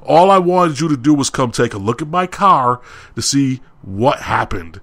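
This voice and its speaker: A man's voice: mid-range voice, expressive, moderate pace. Young male podcast co-host, casual storyteller, heated and ranting. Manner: heated, ranting retelling with quoted shouting.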